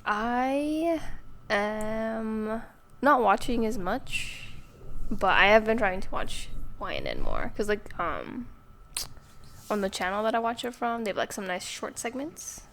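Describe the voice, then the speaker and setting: A woman's voice: on the high side, sing-song, fairly bright tone, slight background noise. A woman co-hosting a casual fan podcast, talking in a hesitant, laid-back way. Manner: unhurried, hesitant, frequent laughs and short reactions. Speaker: podcast co-host. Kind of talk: casual chat.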